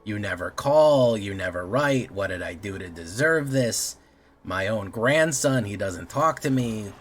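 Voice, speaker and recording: A man voicing a frail, guilt-tripping old grandmother in a joke, talking slowly and plaintively. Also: on the low side, lively intonation, slight background noise. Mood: reproachful. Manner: slow, quavering, plaintive.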